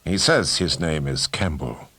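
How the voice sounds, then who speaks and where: A man's voice: rumbling low, lively intonation, measured pace, pushed and bright, husky, no echo, exaggerated voice. A man reading an audiobook, voicing a stiff guard giving a clipped, dutiful report. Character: stiff male guard reporting to his master.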